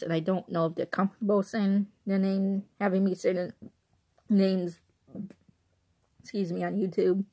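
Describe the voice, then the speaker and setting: A woman's voice: medium pitch, dark tone. A young woman from the Chicago suburbs talking casually into her phone, rambling and often laughing. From Chicago suburbs, Illinois. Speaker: vlogger. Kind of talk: casual chatty movie review.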